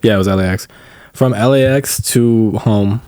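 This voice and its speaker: Young man, podcast co-host, low voice, dry close sound, animated storytelling, casual swearing. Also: normal speed, smooth, no room sound. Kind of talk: casual chat.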